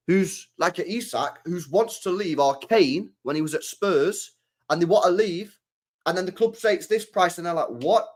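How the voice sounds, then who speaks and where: A man hosting a live stream, ranting about football in a repetitive, slangy, sweary way. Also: high-pitched. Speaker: streamer host.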